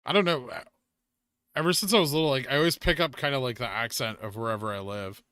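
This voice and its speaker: A man's voice: medium pitch, fast talker, sharp tone, clear, resonant tone, no room sound, studio quality. A man with a Californian accent, chatting casually while hosting a live trading stream and answering questions from chat. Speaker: livestream host.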